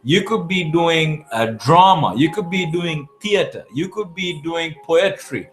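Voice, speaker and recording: A public speaking champion from South Asia answers viewer questions in a live Q&A, with faint music behind him. His fairly high voice moves at a measured pace as he delivers emphatic coaching advice, often restarting his words.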